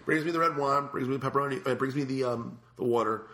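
A man hosting a casual talk show, telling stories in a lively way and raising his voice when he acts out what he said. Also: mid-range voice, fast. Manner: animated, raises voice when quoting himself. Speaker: show host answering viewer questions. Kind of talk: casual storytelling chat. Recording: echoey room.

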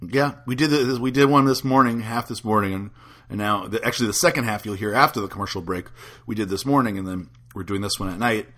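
A male podcast host chats loosely and laughs easily while acting out little anecdotes. His voice sits fairly low but has a very bright, forward edge. He keeps the conversation moving in a relaxed, chatty way. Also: fast talker. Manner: chatty, laughing, animated retellings. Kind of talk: casual chat.

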